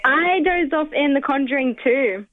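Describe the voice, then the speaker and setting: A woman's voice: high voice, moderate pace, narrow, tinny audio. A woman calling a radio show, talking in a blunt, dismissive way. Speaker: caller. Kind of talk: phone call to radio.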